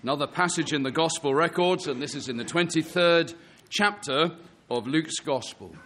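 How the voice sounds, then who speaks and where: A man's voice: fairly high pitch, moderate pace, a bit bright. A man preaching an earnest sermon, reading scripture and pressing his listeners with emphatic rhetorical questions.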